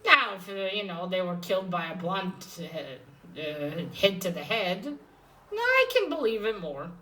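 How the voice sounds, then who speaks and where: A woman's voice: mid-range voice, sing-song, unhurried, bright, forceful tone, far from the mic, rough recording. A woman casually recapping a comic book issue, rambling and hesitant, with many fillers and restarts.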